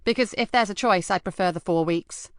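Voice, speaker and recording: A woman's voice: mid-range voice, fairly quick, no room sound, clean studio sound, close to an everyday voice. A woman voicing a sardonic, hard-drinking female detective. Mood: sarcastic. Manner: sarcastic, defiant. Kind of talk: audiobook character voice.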